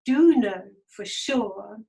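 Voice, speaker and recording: Slow-spoken woman telling her testimony. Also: medium pitch, expressive, gravelly, dark tone, rough recording. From Germany. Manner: halting, reflective storytelling. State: emotional. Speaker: guest speaker. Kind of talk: personal spiritual testimony.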